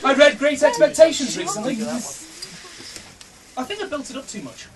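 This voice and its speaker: A man with a very high-pitched, expressive voice at normal speed emcees a comedy night, telling bad stand-up jokes to a live audience. He mocks himself, laughs at his own gags and swears, heard through a distant mic over a loud crowd.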